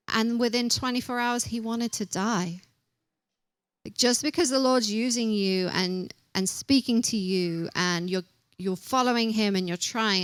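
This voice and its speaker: A young woman gives a casual sermon, warm in her humor and quick to poke fun at herself. Her voice sits at a middle pitch. The sound is dry, with little room around it. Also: clear, resonant tone, no echo. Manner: chatty and self-deprecating, acts out quotes. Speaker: preacher.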